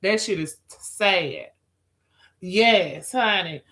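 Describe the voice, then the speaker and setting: Woman doing a late night live stream, sassy and cussing a lot, bright voice. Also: fairly low pitch, lively intonation, extremely slow. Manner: sassy, profane, calls viewers girl, child, honey. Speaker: livestreamer chatting with viewers. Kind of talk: casual live-stream chat.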